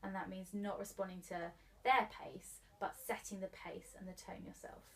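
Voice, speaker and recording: A woman giving calm, clear advice on handling children's behaviour in an interview, in an instructive way, a little away from the mic. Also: mid-range voice, normal speed, far from the mic.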